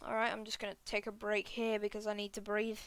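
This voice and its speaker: A woman reading a whole film script aloud at speed and stopping for quick, offhand apologies to her listeners. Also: medium pitch, monotone, smooth, no room sound. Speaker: script reader.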